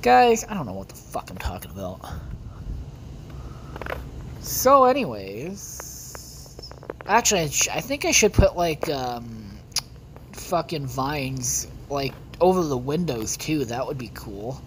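Low-voiced, foul-mouthed woman gamer. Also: very animated, moderate pace, a little hiss or hum. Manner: foul-mouthed, rambling, talks to viewers. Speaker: gaming video host. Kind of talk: casual let's-play commentary.

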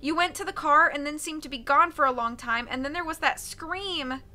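A woman's voice: high-pitched, normal speed, bright, forceful tone, faint music behind, pitched above the performer's own voice. A woman voicing a frightened young woman who speaks anxiously. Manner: anxious, breathless.

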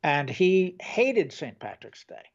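A man's voice: on the high side, very animated, slow pace, dull audio. An older man co-hosting a casual chat, rambling and trailing off mid-sentence. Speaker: co-host.

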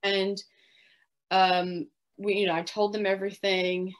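A woman with a British accent speaks as a guest in an interview, telling her faith story in an earnest, steady voice. Her pitch sits in a middle range, and she often slips into quoting her own past words. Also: measured pace. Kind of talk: personal faith testimony in an interview.

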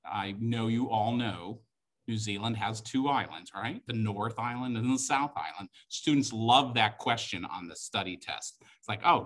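A man's voice: mid-range voice, bright, forceful tone. A middle-aged man hosting a live-streamed wine tasting class, chatty and joking as he walks viewers through each wine. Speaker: wine tasting host and instructor.

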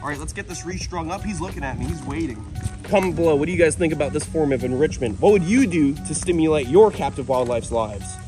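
Excitable young man with a high voice. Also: fast, music in the background. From United States. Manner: excitable, yelps high and shouts during the action; chatty and explanatory between attempts. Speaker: wildlife vlogger. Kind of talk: excited animal vlog commentary.

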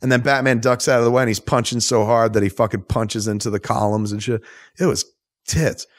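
A man hosting a podcast, recapping a film in a loose, profane, animated storytelling way. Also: medium pitch, brisk. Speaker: podcast host. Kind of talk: casual movie recap chat.

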